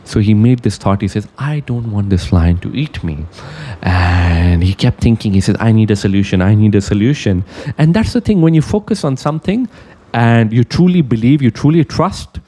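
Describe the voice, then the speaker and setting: Mellow, earnest male motivational speaker. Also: mid-range voice. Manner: earnest, emphatic storytelling with asides. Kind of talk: motivational storytelling.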